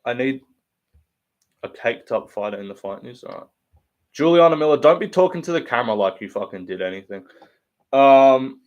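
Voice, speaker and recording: A man's voice: mid-range voice, animated, moderate pace, pauses often, muffled recording. A man hosting a live fight watch-along stream, ranting bluntly with lots of swearing and mocking the fighters while answering chat. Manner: blunt, profane, mocking rant.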